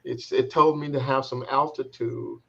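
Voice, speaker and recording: A man's voice: medium pitch, steady tone, creaky, a bit bright. Reflective man, slightly muffled. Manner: reflective, halting, repeats words while searching for them. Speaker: transformation coach. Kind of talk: telling a personal story in an interview. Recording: slightly dull, muffled sound.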